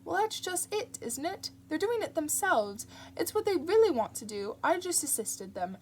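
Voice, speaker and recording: A woman's voice: very high voice, sing-song, slight background noise, pitched above the performer's own voice. A woman voicing a sardonic, snappish male demon in an audiobook reading. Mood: exasperated. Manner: quick, irritable and sly.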